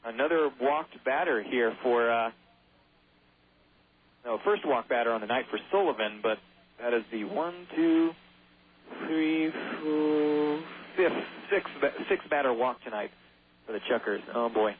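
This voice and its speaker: A man's voice: medium pitch, moderate pace. A man calling baseball play-by-play on the radio, chatty and given to jokey asides. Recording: tinny phone-like radio broadcast.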